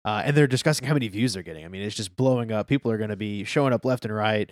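Easygoing low-voiced man, dry sound. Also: very fast, no echo. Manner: easygoing, agreeable, trailing off at sentence ends. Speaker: podcast co-host discussing a manga. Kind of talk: casual chat.

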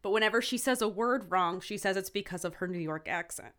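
Chatty and quick to laugh, a young female podcast co-host rambles off into warm, teasing tangents during casual talk. She speaks at medium pitch and a little fast.

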